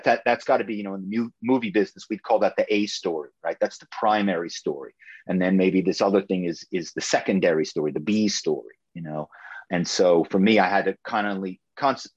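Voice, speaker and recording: A middle-aged man, an author being interviewed, talking in an animated, storytelling way with frequent restarts. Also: sits low, a little fast, slightly rough, dry recording, lo-fi sound. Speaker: author and guest. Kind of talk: casual interview chat.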